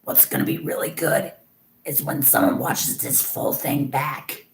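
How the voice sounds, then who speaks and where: A man putting on a creepy, slow, whispery voice as a joke in a whispered role-play. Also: fairly high pitch. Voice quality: whispery, gravelly. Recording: roomy echo.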